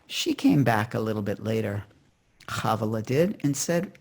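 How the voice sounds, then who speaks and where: A storyteller leading an online Shabbat service, telling a story in an animated, conversational way and acting out the scenes, speaking into a home computer mic. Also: medium pitch, moderate pace, gravelly. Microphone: home computer mic on a video call.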